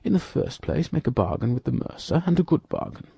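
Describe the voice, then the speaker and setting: A man's voice: medium pitch, sing-song, a little fast, gravelly, warm tone, husky, no room sound, pitched above the performer's own voice, exaggerated voice. A man reading an audiobook, voicing a proud, blustering male musketeer who grumbles with contempt. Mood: scornful.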